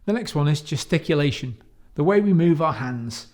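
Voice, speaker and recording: A man from the United Kingdom giving a measured teaching talk on coaching, slowing down to stress key words. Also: a little high, lively intonation, darkish tone. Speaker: coach trainer.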